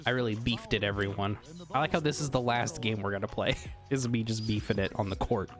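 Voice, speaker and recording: A young man chatting casually while playing a basketball video game, talking in a relaxed, low-effort way and laughing often. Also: brisk, music in the background. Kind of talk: casual chat while gaming.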